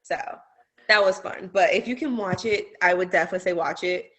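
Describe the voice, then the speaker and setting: Young woman, casual podcast chat, animated storytelling, full of fillers. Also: lowish voice, a little fast. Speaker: guest wrestler.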